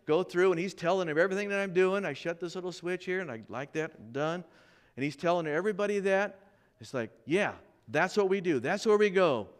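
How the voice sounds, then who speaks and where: A man preaching a sermon, telling a personal story and acting out the voices of the people in it. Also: fairly high pitch. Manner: animated, acts out quoted voices. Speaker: pastor. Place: church.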